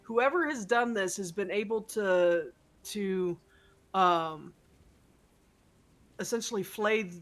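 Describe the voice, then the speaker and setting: A woman narrating as game master of a tabletop horror game, halting and rambling with many fillers and restarts. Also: medium pitch.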